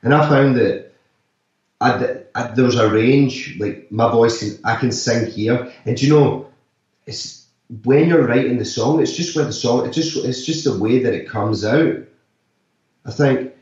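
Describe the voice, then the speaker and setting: An actor and musician talking loosely in an interview, full of "like" and "sort of" fillers. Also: male voice, mid-range voice, unhurried, darkish tone. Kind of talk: casual interview talk. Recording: echoey, distant, slightly dull remote audio.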